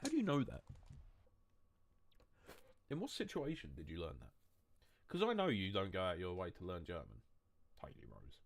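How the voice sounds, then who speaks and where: A man's voice: low voice, wildly swooping pitch, moderate pace, gravelly, long pauses. A man streaming a game, chatting casually in a rambling, joking way, mocking himself and swearing freely. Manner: loose, wandering talk with restarts. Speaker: gaming streamer.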